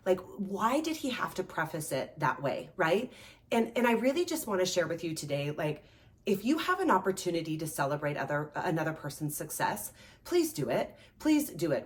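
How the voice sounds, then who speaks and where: A woman hosting a show and working as a life coach, giving a motivational talk in an animated, chatty way, with lots of "like" and "right?". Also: medium pitch. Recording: voice a bit distant from the mic.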